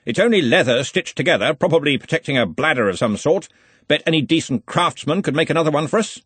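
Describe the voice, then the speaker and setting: A man voicing a bluff, loud, jovial old male wizard who gives commands. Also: on the high side, expressive, fast talker, breathy edge, no echo, pitched above the performer's own voice.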